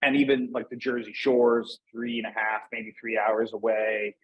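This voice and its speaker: A man's voice: on the low side, little pitch movement, normal speed, highs cut off, a little hiss or hum. A man from Northeast Pennsylvania, a guest in a casual interview, talking in a rambling way with many fillers and restarts. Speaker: podcast guest.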